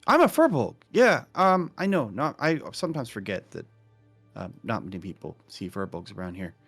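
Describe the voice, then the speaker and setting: A man's voice: medium pitch, very animated, moderate pace, fairly bright tone, breathy edge, faint music behind, heavily acted. A man voicing a tall, shy Firbolg acolyte who is earnest and eager to make friends, speaking hesitantly.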